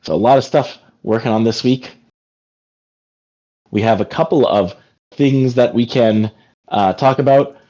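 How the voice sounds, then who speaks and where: A man's voice: medium pitch, unhurried, pauses often, warm tone. A man hosting a casual work meeting on a video call, talking in a rambling way full of fillers like "like". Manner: rambling, filler-heavy, frequent "like". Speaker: team meeting host. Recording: dull lo-fi call audio.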